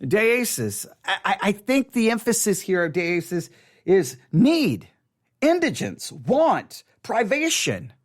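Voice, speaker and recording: Earnest male Bible study teacher, high and very animated voice, stumbles and restarts, repeats for emphasis. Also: slow.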